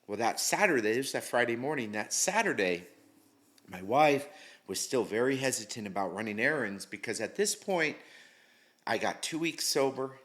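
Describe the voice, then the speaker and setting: A man's voice: mid-range voice, animated, normal speed, fairly bright tone. Candid middle-aged man telling his story. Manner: candid, slangy, swears freely. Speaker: interview guest. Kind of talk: casual storytelling.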